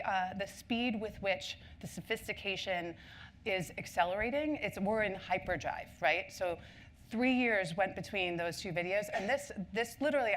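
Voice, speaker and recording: A woman's voice: medium pitch, a little hiss or hum. A woman speaking at a marketing conference. She tells stories in a chatty way, with lots of ums and asides. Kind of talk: conference talk.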